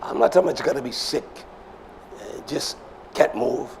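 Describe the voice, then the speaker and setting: A male preacher delivering an emphatic sermon, swinging between shouts and low murmurs and repeating phrases for emphasis. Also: normal speed, vocal fry, slight background noise.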